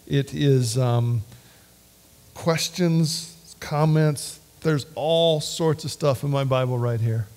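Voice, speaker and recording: A man preaching a sermon and leading a prayer in a church, earnest and heartfelt, sometimes sinking to a hushed whisper. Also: medium pitch, slow. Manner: earnest, drops to a hushed whisper at tender points. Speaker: lay preacher. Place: church sanctuary.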